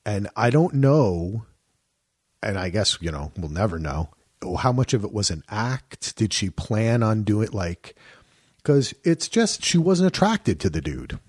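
A man's voice: fairly low pitch, a little slow, breathy edge, dry recording, studio quality. A man co-hosting a podcast, chatting casually and animatedly about a reality show, often laughing. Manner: animated, laughs, mimics people in quoted bits. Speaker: podcast co-host. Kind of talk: casual chat.

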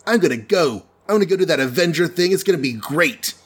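A man's voice: on the high side, animated, quick pace, breathy edge, voice pushed up. A man voicing a young male superhero who is unsure and eager, stammering as he talks. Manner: hesitant, stammering.

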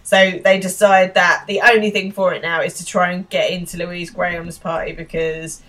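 A woman's voice: on the low side, flat delivery, normal speed, a bit bright, low-quality recording. A woman in her thirties co-hosting a podcast, casually retelling a TV episode and acting out the quoted lines. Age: 30s. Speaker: podcast co-host. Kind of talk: casual chat recapping a TV episode.

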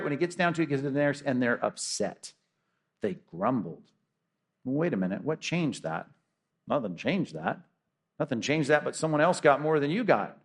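Guy preaching a sermon, punchy, keeps firing rhetorical questions, mid pitched voice. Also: a bit bright. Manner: emphatic, rhetorical questions, acts out quotes. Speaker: pastor.

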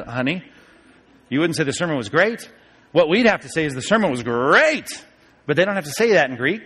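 A man, a pastor, teaching a Bible study class about Greek grammar, joking and slowing down to spell out key sentences. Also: a little high. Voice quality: lively, joking, moves between quick asides and slow deliberate reading.

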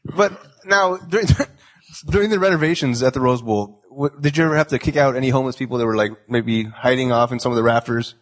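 A man hosting a casual podcast chat, joking and teasing his guest with quick questions. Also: mid-range voice.

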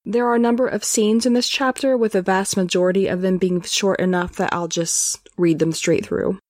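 A woman's voice: mid-range voice, steady tone, moderate pace, a little mellow, no room sound, clean studio sound. A woman podcast host reading a novel aloud, with wry, chatty comments between the passages.

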